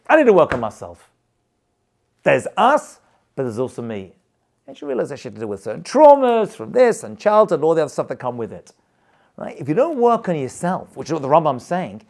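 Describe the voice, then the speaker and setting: A man's voice: fairly high pitch, creaky. A middle-aged man, a rabbi, teaching a class in a chatty, storytelling way with acted-out quotes. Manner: animated, chatty, tells anecdotes with acted quotes. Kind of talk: lively storytelling lecture.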